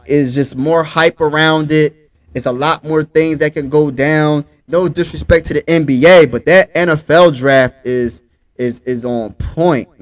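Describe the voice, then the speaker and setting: A man's voice: on the high side, dry recording. A man from Pennsylvania, hosting a casual livestream sports talk show and talking straight to his chat in a hyped way.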